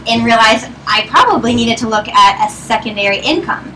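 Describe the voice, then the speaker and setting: A woman's voice: fairly high pitch, lively intonation, normal speed. A woman in her twenties from Northern Virginia, presenting at a meeting and telling a story in a chatty way, laughing as she goes. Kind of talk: speaking to a live audience. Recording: distant mic, clear noise.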